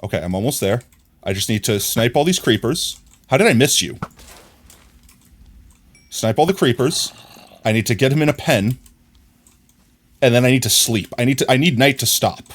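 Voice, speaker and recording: A man streaming a video game live, talking to himself in excited, frantic bursts as he plays. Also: mid-range voice, moderate pace, pauses often. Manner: excitable, frantic, talks to himself while playing. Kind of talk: live gameplay commentary.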